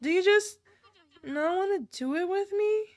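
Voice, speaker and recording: A woman voicing a clingy, playful young female soldier in a visual novel, with a pushy, bright tone. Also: measured pace, no echo. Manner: pushy, playful and high-pitched.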